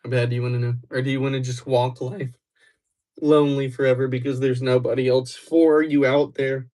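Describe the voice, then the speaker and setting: A man's voice: mid-range voice, little pitch movement, brisk, warm tone. A young man from Wisconsin who livestreams, chatting casually with viewers in a loose, rambling, teasing way. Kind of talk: casual live chat with viewers.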